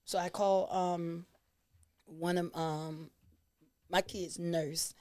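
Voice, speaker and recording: A woman's voice: fairly low pitch, steady tone, slow pace, a little mellow. A woman, a guest on an interview show, telling stories animatedly and laughing often. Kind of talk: casual interview chat.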